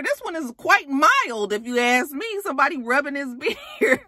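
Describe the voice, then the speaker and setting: A woman casually recapping a reality show, chatty, profane and animated. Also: moderate pace, hardly any pauses, no echo. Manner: animated, profane, chatty, swings into high acted quotes.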